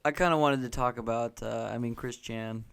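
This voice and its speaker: A man's voice: mid-range voice, steady tone, normal speed, creaky, a bit bright, smooth. A man co-hosting a gaming podcast in casual chat, rambling and restarting as he talks eagerly about video games. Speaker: podcast co-host.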